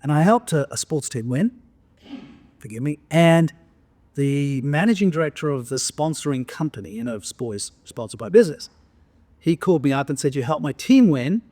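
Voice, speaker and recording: A man in his sixties from England, with an English accent touched by Australian, telling anecdotes in a relaxed interview with frequent asides. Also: fairly high pitch, moderate pace, no echo. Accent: English with some Australian. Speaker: guest, professional speaker. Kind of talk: conversational interview storytelling.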